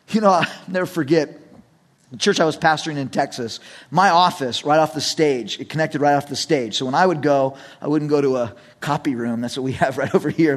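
A middle-aged male pastor preaching a sermon, telling personal stories in an animated way and acting out the voices in them. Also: on the high side. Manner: animated storytelling, acts out shouted quotes.

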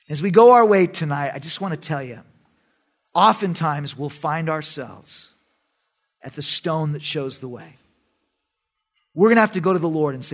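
High-voiced pastor teaching a Bible study. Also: male voice, lively intonation, normal speed. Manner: dramatic scripture reading with joking asides.

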